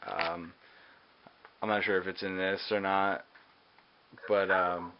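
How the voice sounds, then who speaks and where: A man's voice: low-pitched, flat delivery, slow pace, a crowd in the background. A man giving a casual movie review, hesitant and full of ums and uhs. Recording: dull lo-fi recording with faint hiss.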